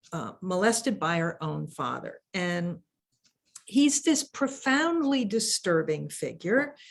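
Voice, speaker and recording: A woman talks slowly and reflectively about a novel, often searching for the right words. Her pitch is ordinary. She is heard over a video call. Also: gravelly. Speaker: conversation partner at a book event. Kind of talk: thoughtful literary discussion.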